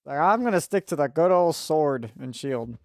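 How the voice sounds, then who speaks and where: A young gaming host talks through a video game in easygoing let's-play style, his voice a little high and animated at a moderate pace. There's no room sound on the desk mic, and he laughs often and trips over words.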